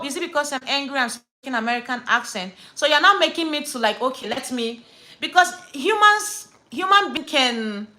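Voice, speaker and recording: A woman's voice: high-pitched, bright, forceful tone, rough recording. A woman from Nigeria with a Nigerian accent, telling a story and ranting to camera in a casual vlog, stressing points by repeating words and slipping into Pidgin. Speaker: vlogger.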